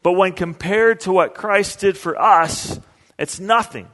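Guy preaching a sermon, kinda high voice, talks earnest and casual, big echoey hall. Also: unhurried, fairly bright tone. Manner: earnest, conversational preaching with restarts. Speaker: pastor. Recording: long hall reverb.

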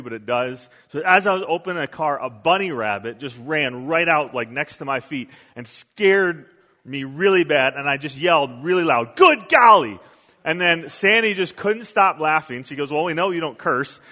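A man preaching a sermon as pastor, an animated storyteller who often repeats words as he goes. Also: a little high. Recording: long hall reverb.

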